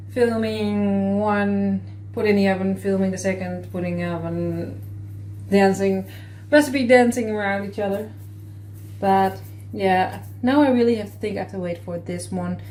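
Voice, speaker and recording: A woman's voice: mid-range voice, fairly even intonation, measured pace, dark tone. A woman chatting casually in her home kitchen while baking and tasting, thinking aloud as she goes. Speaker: cooking vlogger.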